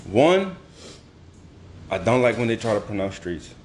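Animated New Orleans man reviewing movies. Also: lowish voice, a little slow, a little hiss or hum. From New Orleans, Louisiana. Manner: animated, slangy, laughs often. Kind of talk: casual movie review chat.

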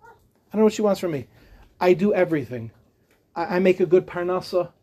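A man's voice: sits high, animated, a little fast, mellow. A man quoting a frustrated husband who complains to a rabbi and lists his chores in exasperation. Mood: exasperated.

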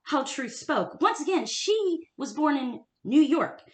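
Animated woman chatting in an echoey room. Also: sits high, a little slow. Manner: animated, laughs often, emphatic. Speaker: podcast co-host. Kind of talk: casual history chat.

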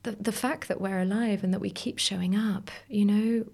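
A woman's voice: medium pitch, steady tone, moderate pace, vocal fry, darkish tone, husky. A woman guest in a reflective conversation, musing and searching for words, sometimes dropping to a whisper. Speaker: podcast guest.

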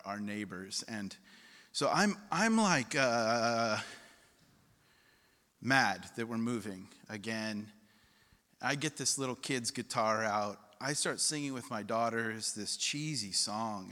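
Male pastor, middle-aged, sermon in a big echoing hall, bright forceful voice. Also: mid-range voice. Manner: storytelling, rising to emphatic repetition. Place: church hall. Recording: long hall reverb.

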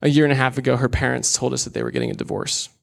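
A man's voice: medium pitch, fairly even intonation, very fast, creaky. A young man preaching a sermon in an earnest, candid way, with casual asides.

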